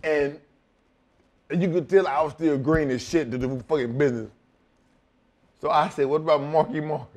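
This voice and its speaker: A man's voice: on the high side, steady tone, moderate pace, long pauses. A middle-aged man telling a story in a casual interview, profane and laughing, acting out both sides of each exchange. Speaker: wrestling guest telling stories.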